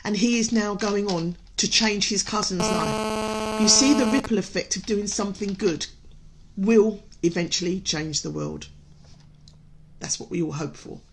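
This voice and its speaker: A woman's voice: mid-range voice, fairly even intonation, unhurried, slight background noise. A woman, a hypnotherapist, giving an earnest motivational broadcast while emotional and near tears, often stumbling and restarting her sentences.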